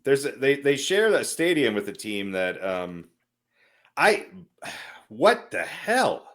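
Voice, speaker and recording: A man's voice: mid-range voice, sing-song, slow, a bit bright. A man co-hosting a sports podcast in casual chat, dropping short, dry jokes. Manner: dry joking interjections. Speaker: podcast co-host.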